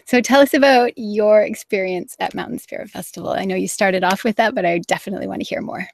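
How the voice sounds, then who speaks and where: Gravelly-voiced woman hosting. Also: mid-range voice, quick pace, a little mellow, a little hiss or hum. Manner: enthusiastic, gushing, acts out quotes. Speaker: host. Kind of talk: live wellness show conversation.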